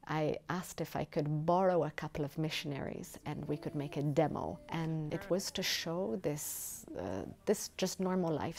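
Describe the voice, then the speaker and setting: A woman with a low, mellow voice and a gravelly edge, speaking in a festival interview. She talks about her work in a reflective, measured way, taking time to find her words. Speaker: documentary filmmaker.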